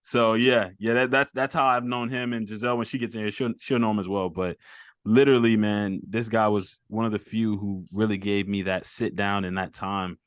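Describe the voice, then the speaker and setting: Animated man hosting a chat podcast. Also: fairly low pitch, normal speed, clear, resonant tone, no room sound, clean studio sound. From United States. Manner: animated, restarts a lot. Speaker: podcast host. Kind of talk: casual chat.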